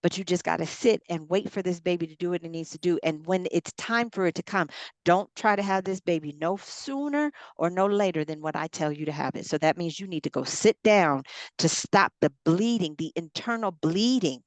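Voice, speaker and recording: A woman's voice: lowish voice, expressive, fairly quick, no room sound. A woman, a ministry coach preaching in an encouraging way on a group call, repeating phrases and calling her listeners y'all. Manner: repetitive, exhorting, addresses listeners as y'all.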